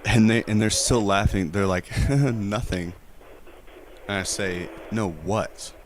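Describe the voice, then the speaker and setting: Male prank caller, lowish voice, long-winded and flustered, clear stream mic. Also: slow, slight background noise. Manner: rambling, hesitant, defensive, with many restarts. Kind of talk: prank phone call storytelling.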